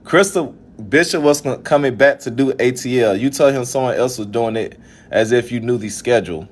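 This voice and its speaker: A man's voice: medium pitch, fairly quick. Venting Southern man from Alabama. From Birmingham, Alabama. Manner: frustrated, venting, with many laughs. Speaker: event organizer. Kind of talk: casual vlog rant.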